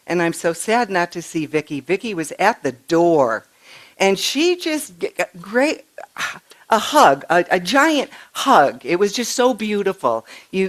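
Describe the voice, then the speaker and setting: Chatty older woman preacher. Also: fairly low pitch. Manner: chatty, animated storytelling with frequent restarts. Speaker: minister. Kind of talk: conversational sermon. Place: church sanctuary.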